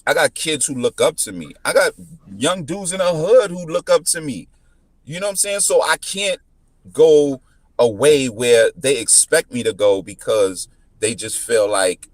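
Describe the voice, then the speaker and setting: A man in his thirties telling a story in casual chat, full of restarts, whose pitch jumps up when he quotes people. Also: measured pace, no room sound. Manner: animated, repetitive restarts, jumps into high pitch when quoting. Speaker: podcast guest.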